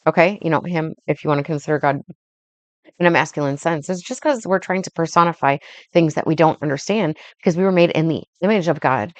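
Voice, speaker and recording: Young woman, low voice, dry close sound, scripture reading with rambling casual commentary. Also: fairly quick, dry recording, lo-fi sound. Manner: loose and conversational, heavy on fillers like "like" and "um". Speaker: podcast host reading and reflecting on scripture.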